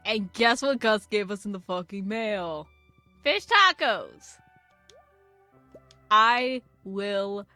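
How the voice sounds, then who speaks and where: A woman's voice: a little high, a bit bright, dry recording. A young woman casually commenting on a farming game she's playing, rambling into sweary, self-mocking tangents. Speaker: gaming channel host. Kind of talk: casual let's-play commentary. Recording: faint game music behind.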